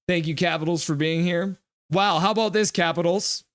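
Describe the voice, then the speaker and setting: A man streaming a live reaction, calling plays and reading chat aloud with excitable, jokey trash talk. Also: fairly high pitch, normal speed, no room sound, studio quality.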